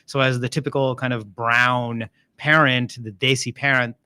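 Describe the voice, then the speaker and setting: A man hosting a podcast, asking questions in a relaxed, joking conversational way. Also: medium pitch, moderate pace, clean tone, no echo. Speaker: podcast host. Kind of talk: casual conversational interviewing.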